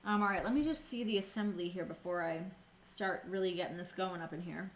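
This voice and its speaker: A woman's voice: lowish voice, fairly quick, slight background noise. A woman streamer chatting casually with viewers while cooking in her home kitchen, answering chat and swearing freely.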